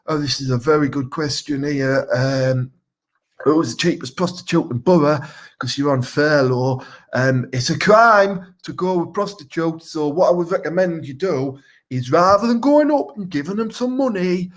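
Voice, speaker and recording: A man with a fairly high, near-everyday voice talks at a normal speed, playing a sweary vigilante hero from Teesside. He's a crude, boastful local superhero wannabe who rambles, swears and makes threats in a live comedic Q&A in character.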